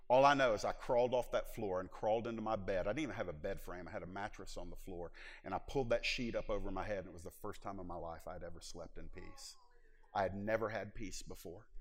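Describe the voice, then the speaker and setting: A middle-aged man preaching a personal testimony in church, moving from hushed confession to loud exhortation. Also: fairly low pitch. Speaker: preacher giving his testimony. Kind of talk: sermon testimony. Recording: long hall reverb.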